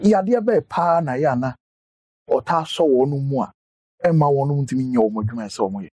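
Husky man asking questions. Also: mid-range voice, expressive, normal speed, mellow, dry recording. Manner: asks follow-up questions and backchannels often. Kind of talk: casual health chat.

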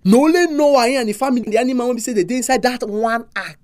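A preacher with a Nigerian accent delivering a sermon, full of animated, emphatic rhetorical questions. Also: mid-range voice, fast, dry recording, clean studio sound.

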